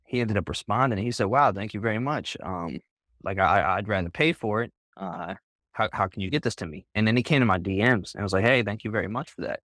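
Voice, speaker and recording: A man's voice: on the low side, quick pace, fairly bright tone, dry recording, clean studio sound. A man, a guest on a group voice call, telling a story in a casual, rambling way, leaning on "like" and "bro" and restarting his sentences. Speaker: interview guest.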